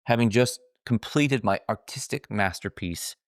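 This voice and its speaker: Wry, low-voiced man reading his memoir. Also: measured pace, no echo, studio quality. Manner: wry, self-mocking storytelling. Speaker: author narrating his own book. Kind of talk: scripted memoir narration.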